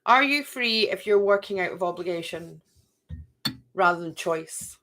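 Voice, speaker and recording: A woman in middle age reads oracle cards for her viewers at an unhurried pace. Her voice sits low, and she chats loosely, often thinking aloud to herself. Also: lively intonation, sharp tone. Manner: chatty, talks to herself, repeats phrases. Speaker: card reader. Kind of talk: live oracle card reading to viewers.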